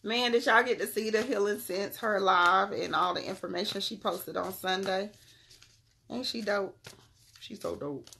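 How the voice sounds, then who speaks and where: A woman's voice: medium pitch, normal speed, vocal fry, bright, forceful tone, slight background noise. A woman giving a casual tarot reading on a live stream, laid-back and slangy, calling her viewers "beloved".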